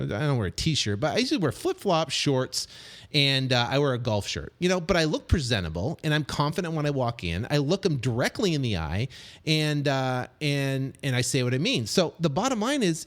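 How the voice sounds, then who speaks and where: A middle-aged man coaching on real estate deals in a casual motivational monologue, animated and repetitive, full of fillers, restarts and quick acted snippets. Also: a little high. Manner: acts out quick snippets of other voices.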